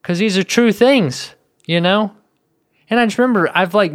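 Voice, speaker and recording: A man in his thirties, a podcast co-host, telling a story in a rambling, animated way that is full of swearing. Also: high-pitched, moderate pace, smooth, no echo, clean studio sound. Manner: rambling, animated, profane, heavy "I was like". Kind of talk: casual storytelling chat.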